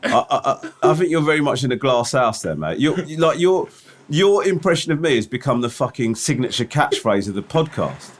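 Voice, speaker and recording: A man's voice: mid-range voice, very animated, brisk. A man co-hosting a podcast in casual chat, dry and teasing with a sarcastic edge. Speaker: podcast co-host.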